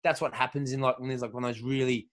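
A man's voice: mid-range voice, fairly even intonation, fast talker. A man with an Australian accent telling rambling, profane stories in casual banter as a comedian hosting a podcast. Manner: profane, rambling, laughing storyteller.

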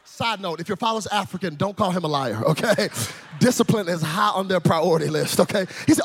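A man preaching a sermon, telling a childhood story and then shouting and calling the congregation to answer back. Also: high voice, fairly quick, breathy edge. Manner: animated, shouting and call-and-response with the crowd. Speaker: pastor.

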